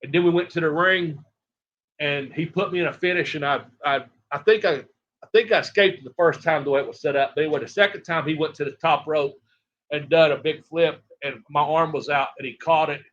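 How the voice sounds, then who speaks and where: Animated man telling wrestling stories. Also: fairly high pitch, brisk. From Tennessee, USA. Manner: rambling, animated, acts out other people's lines. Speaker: retired pro wrestler, guest. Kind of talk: casual storytelling interview. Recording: dull lo-fi audio.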